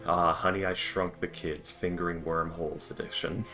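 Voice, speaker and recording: A man's voice: low-pitched, level tone, normal speed, music in the background. A man chatting casually at an online game table, joking crudely and laughing often. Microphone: headset or desk mic, online session.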